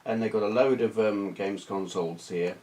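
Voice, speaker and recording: A man's voice: fairly low pitch, moderate pace, a little mellow, slight background noise. Rambling man chatting to camera. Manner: rambling, full of restarts and self-deprecating asides. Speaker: retro gaming YouTuber. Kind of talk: casual chat to camera. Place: small hot room under bright video lights.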